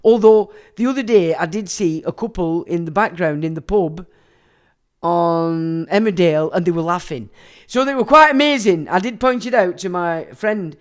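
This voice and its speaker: Smooth and high, his voice moves at a moderate pace as he hosts a relaxed livestream. He laughs while reading viewers' comments aloud and ranting with plenty of crude swearing.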